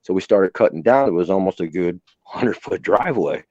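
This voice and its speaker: A low, deep-voiced man with a dark, mellow tone tells rough, plainspoken stories in casual chat. His recording sounds dry and a little muffled. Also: lively intonation, a little fast, dry recording. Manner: plainspoken, swears freely, acts out quoted voices. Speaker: host, former emergency responder. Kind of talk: casual storytelling on a live stream.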